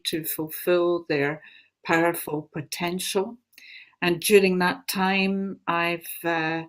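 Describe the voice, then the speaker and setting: Slow-spoken older Glaswegian woman. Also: sits low. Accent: Glaswegian Scottish. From Scotland. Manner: unhurried, gentle, with many fillers. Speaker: guest spiritual teacher. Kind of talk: casual spoken talk.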